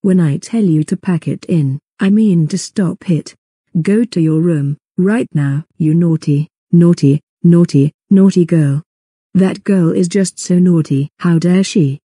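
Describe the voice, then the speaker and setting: A woman's voice: fairly low pitch, a little slow, mellow, husky, dry recording, studio quality. A woman voicing a strict cartoon mother who scolds sternly.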